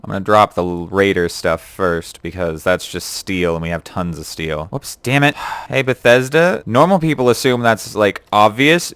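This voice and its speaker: A man's voice: on the low side, fairly bright tone, clean tone, no echo. A young man chatting casually through a let's-play, laughing often and talking back to the game characters. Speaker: gamer.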